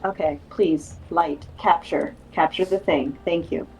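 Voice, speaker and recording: A woman co-hosting a casual chat, animated and playful, acting out bits of dialogue and silly noises. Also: low-pitched, unhurried, vocal fry, soft background music, low-quality recording. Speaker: podcast co-host.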